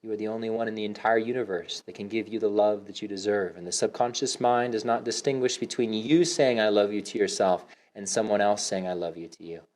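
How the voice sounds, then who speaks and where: A man teaching a yoga class, giving slow, soothing cues with audible sighs and sometimes dropping to a soft whisper. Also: on the low side, steady tone. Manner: drops to a soft whisper for affirmations. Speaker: yoga instructor. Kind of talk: guided yoga class instruction.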